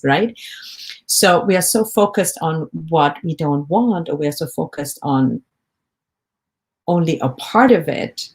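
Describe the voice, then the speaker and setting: A woman with a notably low, deep voice talks straight to her listeners in a podcast. Her manner is gentle and encouraging, and she keeps putting questions to them as she coaches. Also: animated, moderate pace. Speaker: podcast host, life coach. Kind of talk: reflective solo podcast talk.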